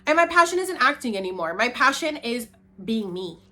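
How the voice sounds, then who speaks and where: Animated chatty woman vlogger, bright voice. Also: moderate pace, slight background noise. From Puerto Rico. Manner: chatty, animated, swings from low murmurs to high excited bursts. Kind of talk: casual talking-head vlog.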